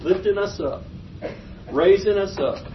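A man preaching a folksy, animated sermon, chuckling as he tells stories. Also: measured pace. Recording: muffled, low-fi with faint noise.

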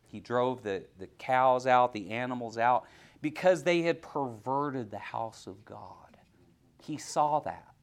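Male preacher, sermon delivery, hushed-to-fervent swings, questions the congregation. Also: medium pitch. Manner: swings from hushed near-whispers to loud, rising exhortation.

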